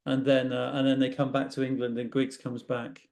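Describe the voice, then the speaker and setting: A man hosting a podcast, chatting casually and excitably, with eager interjections and casual swearing. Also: mid-range voice, fairly quick, gravelly. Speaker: podcast host.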